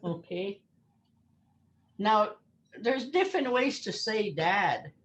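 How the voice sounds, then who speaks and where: A woman's voice: medium pitch, expressive, takes it slowly. An older woman teaching a language lesson over a video call, patiently repeating words for her learners.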